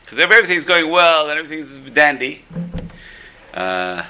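A man's voice: on the high side, very animated, normal speed, sharp tone, clear, resonant tone, soft background music. A man giving a storytelling religious class, repeating phrases for emphasis.

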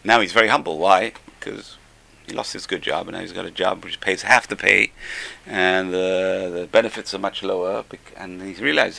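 An older Torah teacher leads an informal Musar class in a conversational way, repeating key phrases and raising his voice for emphasis. His pitch is fairly low, his pace moderate, and his voice carries vocal fry.

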